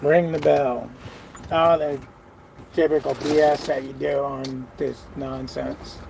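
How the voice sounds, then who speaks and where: A man's voice: medium pitch, little pitch movement, slow, gravelly, background noise. A truck driver talking casually to his vlog camera from his truck cab, weary and grumbling, sighing often. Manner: weary, grumbling, frequent sighs.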